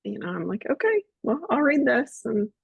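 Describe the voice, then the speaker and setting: A woman book club host chatting casually in a relaxed, halting way. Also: fairly high pitch, vocal fry, breathy edge, no room sound. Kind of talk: casual chat. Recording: dull lo-fi dry sound.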